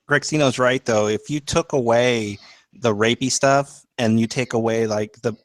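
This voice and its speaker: A man's voice: medium pitch, steady tone, normal speed, no room sound. A man co-hosting a podcast, musing and hedging as he thinks aloud in casual banter. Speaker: podcast co-host.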